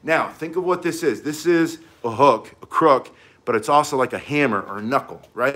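A man's voice: a little high, a bit bright. A man teaching cane self-defense, talking intensely while he demonstrates the moves. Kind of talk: demonstration lesson.

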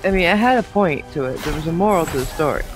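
A man talks casually over a game session, a little higher-pitched than most men. His words come out hesitant and rambling, and he swears when something surprises him. Faint game music sits behind him. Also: animated, quick pace. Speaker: gamer host. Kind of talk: casual gaming chat.

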